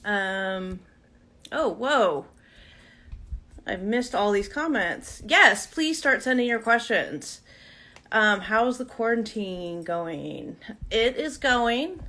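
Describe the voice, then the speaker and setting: A woman's voice: mid-range voice, lively intonation, takes it slowly, sharp tone. A woman hosting a casual live Q and A from her vanity at home, chatting and laughing with viewers. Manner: chatty, laughs often, coos at her pet. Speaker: livestream host.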